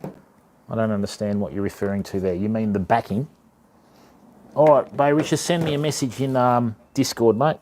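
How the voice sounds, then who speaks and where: An Australian man talks easily through a live stream, greeting viewers by name and tossing in mate and fam. His voice sits at an ordinary middle pitch. A faint hiss of noise sits under the recording. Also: fairly even intonation, moderate pace, darkish tone. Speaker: fishing livestream host. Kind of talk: casual live stream chat.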